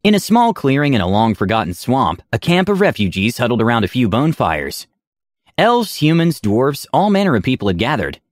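A man's voice: medium pitch, wildly swooping pitch, normal speed, no echo, studio quality. A man narrating a tabletop game story in a dramatic storytelling manner.

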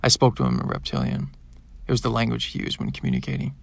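A man narrating a science-fiction audiobook in the first person, in a plain, even storytelling manner. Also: rumbling low, quick pace, vocal fry, dry recording.

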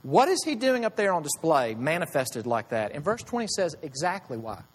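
A man's voice: fairly high pitch, big pitch swings, moderate pace. Man preaching in an echoing hall. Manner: conversational preaching with rhetorical questions. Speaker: pastor. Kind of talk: sermon. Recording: long hall reverb.

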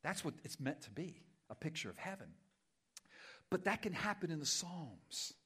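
A man preaching a conversational, animated sermon as pastor, sometimes poking fun at himself. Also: fairly high pitch, moderate pace, breathy edge. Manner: conversational, animated, self-deprecating.

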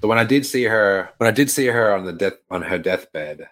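Young male storyteller, very low voice, blunt and chatty, swears a lot. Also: animated, brisk, a bit bright, soft background music. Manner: frank and conversational, swears freely, laughs between lines. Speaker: fitness coach sharing a personal story. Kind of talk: casual storytelling to camera.

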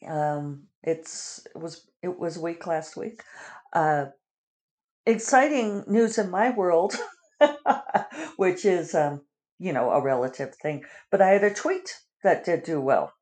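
A woman's voice: fairly low pitch, animated, slow, a little mellow. A woman writer chatting casually through her weekly video update, rambling with lots of fillers and little laughs. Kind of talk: casual chat.

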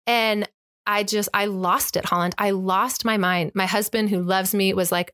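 A woman's voice: medium pitch, a little slow, a bit bright, clean tone, no room sound, studio quality. An emphatic, impassioned woman telling a personal story as a guest in conversation, acting out the exchanges. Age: adult with an eight-year-old child.

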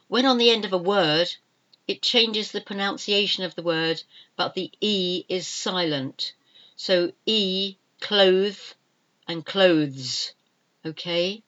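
An older woman gives a spelling lesson, repeating each word several times and spelling it out one letter at a time. She talks slowly, in a fairly low voice. The recording sounds dull and lo-fi. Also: a bit bright. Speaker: English teacher.

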